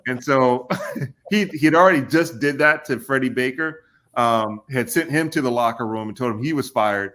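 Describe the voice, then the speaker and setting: A man's voice: medium pitch, moderate pace. A middle-aged man from Kentucky, a podcast guest, telling a long personal story in a casual way and acting out what others said with a raised voice. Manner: animated, acts out quotes with raised voice.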